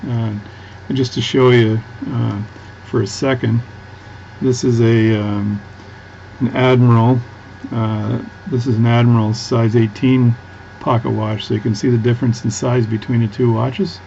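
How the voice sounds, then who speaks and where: Canadian man, chatty tutorial, rambling, low-fi sound, faint hum behind. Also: level tone, a little slow, vocal fry, mellow, lo-fi sound. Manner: rambling, chatty, full of restarts. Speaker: watchmaker. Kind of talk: casual workbench tutorial.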